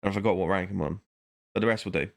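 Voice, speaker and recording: A man's voice: low-pitched, racing, gravelly. A man vlogging in a casual, rambling monologue, talking to himself and breaking off mid-thought. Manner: rambling, self-interrupting, muttering to himself.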